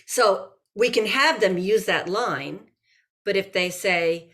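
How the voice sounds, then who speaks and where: A woman's voice: medium pitch, slow pace. A woman who teaches improv reads a passage aloud and explains it in an interview, acting out the lines she quotes. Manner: lively, acts out quoted lines.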